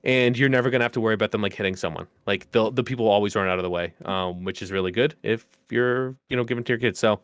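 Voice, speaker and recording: A middle-aged man co-hosting a podcast, excitable and quick to laugh, with lots of fillers. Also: fairly low pitch, clear, resonant tone, dry recording. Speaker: podcast co-host. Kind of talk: casual chat.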